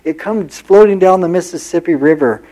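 A man preaching with a mellow, warm tone. He builds his points by repeating phrases, stacking them in earnest runs, and moves into homespun stories. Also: high voice, moderate pace. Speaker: pastor. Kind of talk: sermon.

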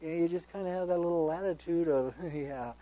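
A man's voice: fairly high pitch, fairly even intonation, fast, dark tone, low-quality recording. A man, a pastor, teaching a sermon verse by verse, conversational and earnest, reading scripture aloud with emphasis.

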